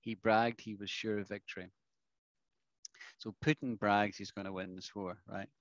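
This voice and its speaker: A man's voice: lowish voice, steady tone, moderate pace, no echo. A man teaching English in a classroom, explaining patiently and often checking understanding with the students. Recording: dull lo-fi dry recording.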